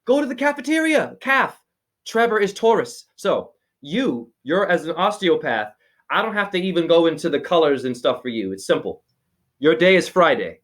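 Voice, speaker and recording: A somewhat high-voiced man talks over a video call as a spiritual teacher. He is preachy and rambling, and his voice jumps up in sudden excited exclamations. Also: moderate pace. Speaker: spiritual teacher giving a name reading.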